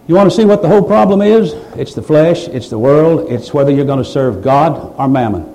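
A man's voice: on the high side, expressive, fairly quick, mellow, a little hiss or hum, poor audio. A man preaching a sermon, pressing his listeners with rhetorical questions and building to emphatic, raised passages. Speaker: pastor.

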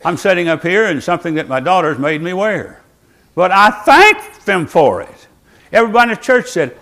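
An old man, his fairly high voice swooping up and down with lively emphasis. He talks in a folksy way, mixing scripture with joking asides to his congregation. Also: normal speed. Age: 80s. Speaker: pastor. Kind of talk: sermon. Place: church, seated before the congregation.

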